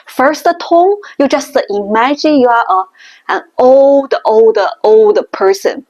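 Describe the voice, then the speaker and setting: A woman teaching Mandarin tones in a language lesson, explaining slowly and deliberately. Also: sits high, lively intonation, a little mellow. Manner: slow, deliberate explaining with exaggerated tone demonstrations.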